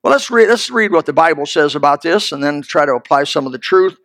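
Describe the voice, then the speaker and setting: A man's voice: fairly high pitch, lively intonation, fast, a bit bright, no room sound. A man preaching a sermon in a folksy, emphatic way, speaking straight to his listeners.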